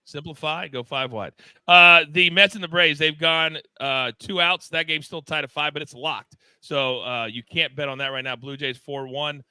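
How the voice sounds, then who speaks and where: A man hosting a live sports betting show, talking in an excitable, loud, self-deprecating way. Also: a little high, normal speed, clean tone, no room sound. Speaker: host.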